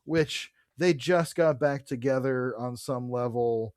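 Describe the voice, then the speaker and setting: A man co-hosting a podcast, retelling a comic book's plot in animated bursts and swearing freely. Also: medium pitch, measured pace, hardly any pauses, no room sound, studio quality. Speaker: podcast co-host. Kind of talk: casual comic book discussion.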